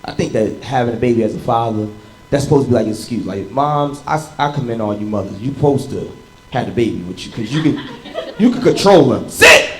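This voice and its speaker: A man in his thirties performing a stand-up comedy set, telling animated stories and shouting into bits. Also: mid-range voice, quick pace, a little hiss or hum, low-quality recording. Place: comedy club stage with live audience. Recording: live room with loud crowd laughter.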